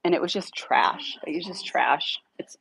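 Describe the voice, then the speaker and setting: A woman casually telling a dog rescue story, animated, swearing now and then and acting out her own lines. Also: normal speed, gravelly, a little hiss or hum, poor audio. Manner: animated, acts out her own dialogue in a higher voice; swears casually when irritated.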